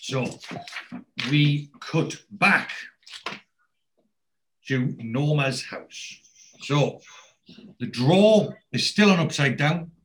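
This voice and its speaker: A man's voice: on the high side, expressive, very slow, long pauses, slight background noise. A man, co-hosting a casual podcast and retelling TV scenes with lots of quoted dialogue and fillers. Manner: chatty storyteller, drops into quoted lines, many fillers. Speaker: podcast co-host recapping a TV episode.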